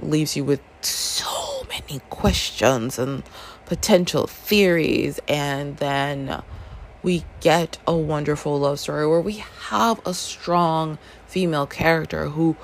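Woman book reviewer, low voice with a gravelly edge, unhurried, lively swoops in pitch; chatty, acts out quotes. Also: slight background noise. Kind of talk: casual book review chat.

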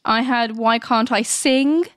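A woman's voice: on the high side, a bit bright, clean tone, dry recording. Chatty young woman, dry close sound. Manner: chatty, laughs easily, quick asides. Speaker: podcast co-host. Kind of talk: casual chat.

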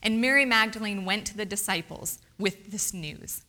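Woman preacher, bright clear voice, expressive sermon delivery, long hall reverb. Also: mid-range voice, normal speed. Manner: expressive, asks the congregation questions. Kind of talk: sermon with scripture reading.

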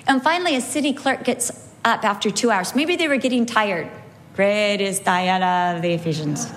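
Animated woman teaching a Bible lesson. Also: fairly high pitch, a little hiss or hum. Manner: animated storyteller, slows for emphasis. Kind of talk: sermon teaching with anecdotes.

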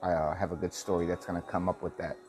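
A man's voice: sits low, flat delivery, fast, a little mellow, faint music behind. A man in his forties telling a story in a casual vlog, rambling and swearing with many restarts. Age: 40s. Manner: rambling, profane, lots of restarts. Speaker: vlogger.

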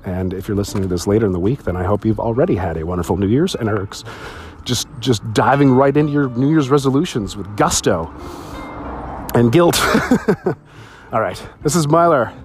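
A man telling stories on his solo podcast, swearing freely, laughing often and jumping to a high voice when excited. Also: normal speed, faint music behind. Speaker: podcast host. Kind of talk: casual solo podcast storytelling.

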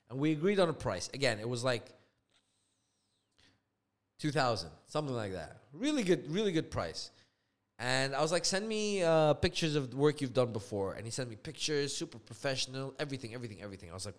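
A young man co-hosting a podcast, telling a story in casual chat, acting out the people in it and swinging between loud outrage and low, deflated tones, swearing freely. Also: animated, normal speed. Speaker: podcast co-host.

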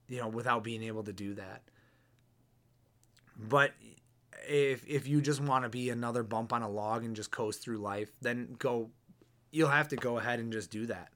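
A man's voice: medium pitch, fairly bright tone. Blunt, earnest man in his thirties. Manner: earnest, blunt, repeats words while thinking. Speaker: podcast host. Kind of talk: casual motivational talk.

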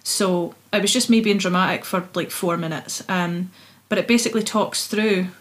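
A woman's voice: on the low side, normal speed. A young Scottish woman, a singer-songwriter, chatting expressively as a guest in an interview and laughing easily. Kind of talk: casual interview chat.

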